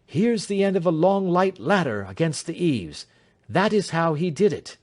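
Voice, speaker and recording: A man's voice: a little high, moderate pace, voice pushed up. A man voicing a keen, commanding male detective in an audiobook reading. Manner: crisp, authoritative, animated.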